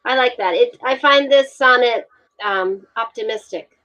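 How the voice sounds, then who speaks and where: A woman guest on a video call talking about wine with a relaxed, enthusiastic manner and frequent fillers. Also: on the high side, measured pace, poor audio. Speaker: guest, wine communications expert. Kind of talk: casual interview over video call.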